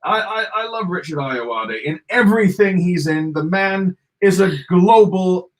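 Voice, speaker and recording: A man's voice: high voice, lively intonation, unhurried. A British man co-hosting a casual late-night livestream, slightly tipsy and fond of joking around with silly accents. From England. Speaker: co-host.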